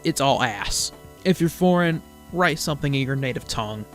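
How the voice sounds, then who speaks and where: A man's voice: mid-range voice, animated, moderate pace, faint music behind. Exasperated, stammering man reading creepypasta. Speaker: creepypasta reviewer. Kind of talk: comedic reading with commentary.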